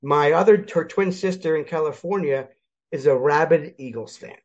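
An older man from Philadelphia, a guest in a casual sports chat, telling lively stories and acting out the people in them. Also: on the high side, normal speed. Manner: animated storyteller, acts out quoted voices. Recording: dull lo-fi audio.

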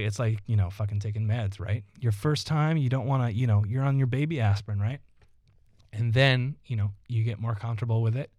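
A man's voice: on the low side, dark tone, no echo. A man hosting his own solo podcast, rambling and ranting with constant swearing. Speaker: podcast host.

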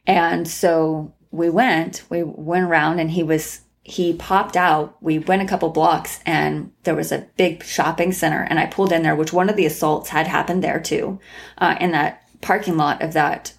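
Podcast guest: woman with a low, gravelly voice, rambling through a story. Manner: rambling, many restarts and fillers. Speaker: guest, tarot reader and former crime analyst. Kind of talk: casual storytelling interview.

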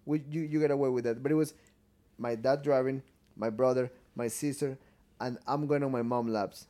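A man's voice: mid-range voice, moderate pace. A man from Ecuador with an Ecuadorian Spanish accent, a native Spanish speaker co-hosting a podcast, talking fondly and profanely about a family car. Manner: fond, excitable, profane. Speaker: podcast co-host. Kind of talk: casual chat.

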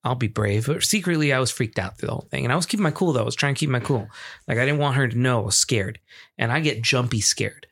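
A young man co-hosting a casual podcast, telling a story in a loose, swearing, animated way and acting out the people in it. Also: mid-range voice, fast, husky. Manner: animated, swearing, acts out screams and quotes. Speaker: podcast co-host.

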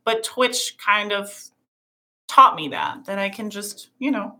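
Bright-voiced European woman, earnest. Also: medium pitch, lively intonation, slow. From Portugal. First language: Portuguese and German. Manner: earnest, self-deprecating, restarts mid-sentence. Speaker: streamer and musician guest. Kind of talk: casual interview chat.

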